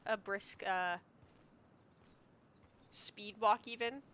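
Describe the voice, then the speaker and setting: A woman streamer giving animated, swearing commentary as she plays a game and talks to its characters. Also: mid-range voice, drawn-out words. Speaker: gamer streamer. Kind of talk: let's play commentary.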